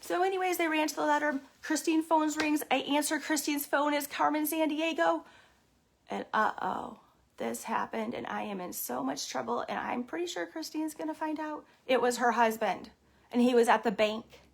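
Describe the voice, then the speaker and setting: A woman telling an animated, mock-stern story while playing a thief character, with sudden exclamations and repeated catchphrases. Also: sits high, moderate pace, gravelly. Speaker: daycare owner vlogger.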